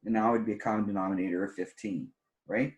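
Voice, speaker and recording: A man's voice: lowish voice, fairly even intonation, fast, a little mellow. A tired man teaching a recorded algebra lesson, walking through problems step by step and stressing the rules plainly. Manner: plainspoken, repeats key rules with emphasis. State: tired, yawning. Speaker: math teacher. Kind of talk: recorded classroom math lesson.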